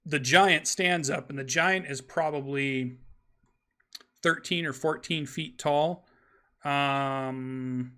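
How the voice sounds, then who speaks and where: A man running a tabletop game talks slowly, narrating the scene in a rambling way full of ums and restarts. His voice sounds bright and forceful into a streaming microphone. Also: a little high, fairly even intonation, clean tone. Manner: rambling, hesitant with many fillers. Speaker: game master.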